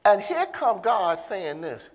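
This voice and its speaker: A bishop preaching a sermon to a congregation, moving from low, casual talk to loud, impassioned calls and laughing between lines. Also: big pitch swings, takes it slowly. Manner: casual vernacular grammar.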